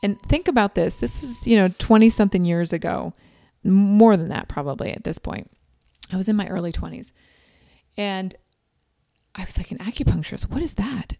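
A woman in her forties telling a personal story in a chatty, animated way, acting out quoted lines. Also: mid-range voice, moderate pace, long pauses, no room sound, clean studio sound. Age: 40s.

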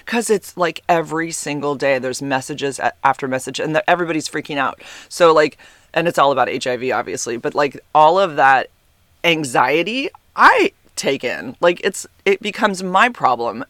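A man hosts his podcast in loose, rambling chat, his fairly high voice carrying a bright, forceful edge. He is animated and exclaims often, full of fillers. The sound is dry, with little room in it. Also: normal speed, no echo. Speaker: podcast host. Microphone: podcast microphone, sitting a bit back from it.

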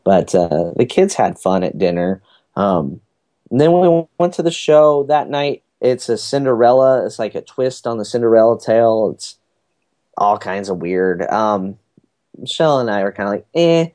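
Speaking at normal speed with a fairly low, dark-toned voice, this podcast guest is animated as he casually recounts his family's cruise, wandering through the tale with plenty of fillers.

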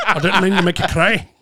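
A man's voice: high voice, very noisy. A man chatting casually on a podcast, joking a lot and acting out quotes from stories he tells. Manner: joking, laughs often, acts out quotes. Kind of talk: casual chat.

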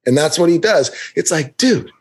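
Husky man telling a story animatedly. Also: moderate pace. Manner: animated storyteller, acts out quotes with big pitch jumps. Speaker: podcast co-host. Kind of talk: casual storytelling chat.

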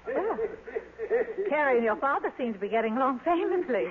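Poised, dryly teasing woman. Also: high voice. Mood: wry. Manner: dry, gently teasing delivery. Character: poised, sure-of-herself career woman, teasing. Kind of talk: 1940s radio acting. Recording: scratchy lo-fi 1940s radio broadcast.

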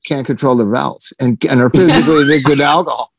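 A man co-hosting a casual talk show, telling profane, animated stories about drinking. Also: mid-range voice, quick pace, gravelly, husky, dry recording. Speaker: podcast co-host. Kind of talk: casual chat, storytelling.

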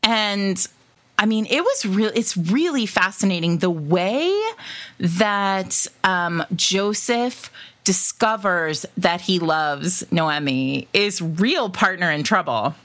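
A woman co-hosting a book podcast, her voice bright and forceful, with wide swings of pitch. She talks casually and animatedly, laughing often and acting out lines from the story. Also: animated, takes it slowly. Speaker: podcast co-host.

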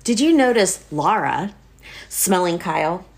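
A woman's voice: on the low side, animated, gravelly. Laughing, reactive woman co-host. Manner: reactive, quick to laugh and exclaim. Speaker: podcast co-host. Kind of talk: casual chat.

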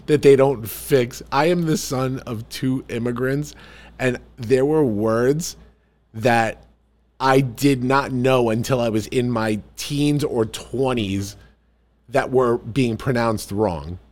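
A man from the New York area chats casually on a podcast, spinning animated family anecdotes. His voice sits in an average pitch range. He restarts sentences as he goes and leans into the humor of the stories. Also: slow. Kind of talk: casual chat.

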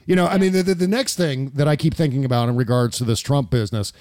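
A man's voice: mid-range voice, fast, darkish tone, dry recording, studio quality. A man hosting a political talk radio show, ranting and joking with his co-hosts.

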